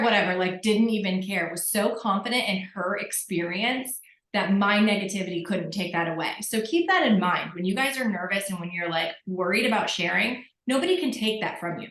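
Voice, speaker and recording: A woman's voice: mid-range voice, fairly bright tone, roomy sound, low-quality recording. A woman telling her story candidly on a group call, acting out what people said. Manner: candid, self-mocking storyteller who acts out quotes.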